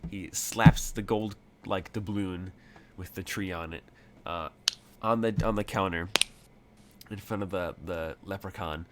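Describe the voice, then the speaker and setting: Man game master, low voice, casual hesitant narration. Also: steady tone, measured pace, background noise. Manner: rambling, hesitant, many fillers.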